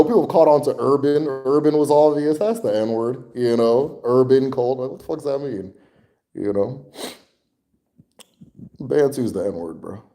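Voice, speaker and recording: A man's voice: medium pitch, dark tone. A man hosting a casual livestream Q&A, answering viewer questions in a loose, rambling way, swearing and chuckling often.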